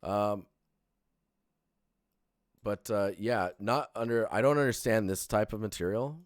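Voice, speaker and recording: A man's voice: lowish voice, unhurried, no room sound, clean studio sound. A young man giving a casual, rambling live-stream portfolio critique, sleepy and full of fillers and restarts.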